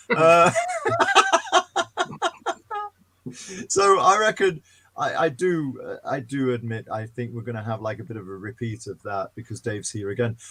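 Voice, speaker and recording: Lively laughing male podcast host. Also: breathy edge. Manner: playful, laughs often, lively pitch. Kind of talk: casual chat.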